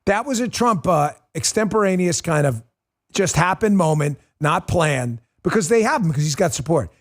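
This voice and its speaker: A man's voice: fairly high pitch, animated, moderate pace. A man in his forties hosting a live political stream, blunt and emphatic, ranting at viewers. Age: 40s. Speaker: political show host.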